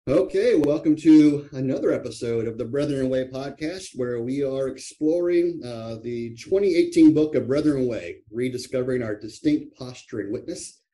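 A male podcast host with a mellow, dark tone and a middling pitch. He chats casually and jokes with his guests. He fills his pauses with "uh" and often restarts his sentences. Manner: joking, with frequent "uh" fillers and restarts. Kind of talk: casual chat.

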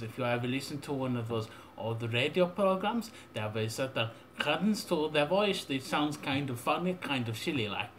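A young man rambling through a deadpan, mock-serious audio software tutorial with absurd asides. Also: medium pitch, a little hiss or hum. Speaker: tutorial maker.

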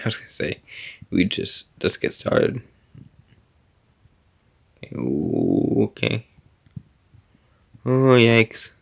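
A man talks his way through an obstacle-course game, his voice heavy with fry. His pitch swings widely between quiet mutters and sudden exclamations. He keeps an easy, slow pace throughout. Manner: mutters to himself, whispers under breath, exclaims at setbacks. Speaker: gamer playing an obstacle course. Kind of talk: casual gameplay commentary.

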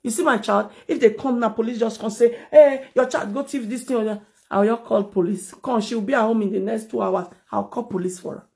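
A Nigerian-accented mother known on social media tells off her critics in a confrontational live video recorded by phone, moving between English and Pidgin. Her medium voice is gravelly and slightly mellow, keeping a steady tone at a fairly quick clip.

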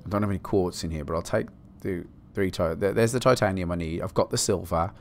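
A man from Britain giving excitable, swear-heavy let's play commentary, talking to himself as he plays. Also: low voice, quick pace, slight background noise. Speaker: gaming channel host.

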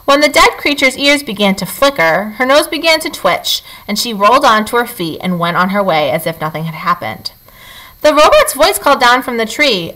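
A woman teacher reading a children's novel aloud, with expressive, animated storytelling. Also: on the high side, moderate pace, poor audio.

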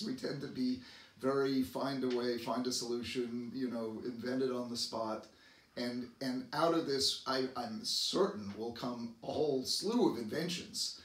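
A man doctor from the United States giving advice to camera, earnest, often repeating and restarting words and jumping up in pitch for emphasis. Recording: roomy echo, voice from a distance.

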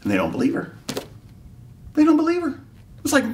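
A man leading a preschool chapel, telling a story in an animated, playful way that sometimes drops to a whisper. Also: very high voice, a little fast, long pauses, distant mic. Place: church.

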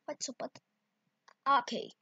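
A woman talking through a video editing tutorial in broken English, bursting into excited exclamations. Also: unhurried, slight background noise. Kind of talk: casual screen-recorded tutorial. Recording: dull lo-fi recording.

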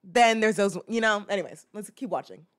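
A woman's voice: mid-range voice, expressive, brisk. Chatty woman reacting to a clip. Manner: rambling, chatty, many fillers and restarts; playful, acts out little scenes. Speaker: host. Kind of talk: casual reaction commentary.

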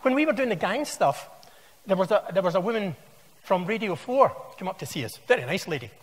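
A Scottish man in his sixties gives a conference keynote to a large hall, telling stories with wry asides in a conversational way. His voice sits high for a man, swings widely in pitch and moves briskly, while a long reverb trails each phrase.

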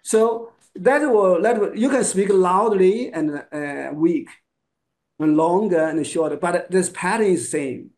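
A male Chinese pronunciation teacher whose first language is Chinese, speaking English in short broken phrases and modeling sounds slowly. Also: high voice, a little mellow. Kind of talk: one-on-one lesson.

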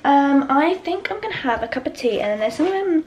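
A woman's voice: high voice, lively intonation, fairly quick, muffled recording, slight background noise. A young woman, chatting casually while vlogging at home about her studies. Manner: chatty, rambling, lots of fillers. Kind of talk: casual study vlog chat. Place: at home indoors. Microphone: handheld then laptop camera.

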